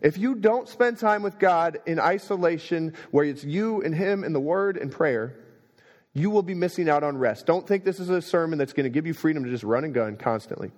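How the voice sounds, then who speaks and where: A man's voice: fairly high pitch, a little fast. Man preaching in an echoing hall. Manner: storytelling, animated swings between quiet and emphatic. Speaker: pastor. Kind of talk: sermon. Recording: long reverb of a hall.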